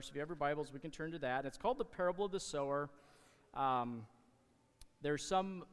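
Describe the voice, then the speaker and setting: A man in his thirties preaching a casual, conversational sermon as pastor, halting with restarts along the way. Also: a little high. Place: church sanctuary. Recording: long hall reverb.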